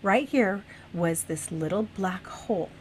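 A woman recounts a strange dream in casual conversation, animated and expressive, with frequent swearing and laughter. Her voice sits at a middle pitch, and a faint hum of background noise runs under the recording. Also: a little slow. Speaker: guest sharing a dream. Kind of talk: casual storytelling chat.

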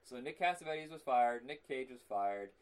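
A man co-hosting a podcast in casual chat, animated and quick to laugh. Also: medium pitch, clear, resonant tone, rough recording. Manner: animated, laughs easily, breaks into silly impressions. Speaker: podcast co-host.

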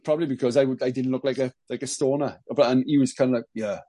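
A man with a Welsh accent, a former band drummer, telling rambling, excitable stories as a podcast guest. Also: mid-range voice, racing, no echo, low-quality recording. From Wales. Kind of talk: casual podcast chat.

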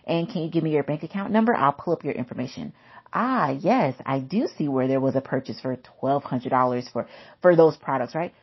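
A woman voicing a smooth-talking male phone scammer posing as a bank agent, overly polite and coaxing. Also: low-pitched, lively intonation, fairly quick, lo-fi sound, full character voice.

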